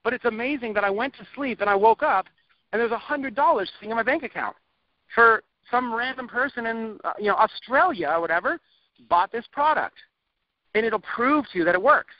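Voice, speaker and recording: A man in his thirties giving a recorded marketing lesson, energetic and rambling, with frequent laughs and restarts. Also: very high voice, brisk, dry recording, dull audio. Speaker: online marketing coach.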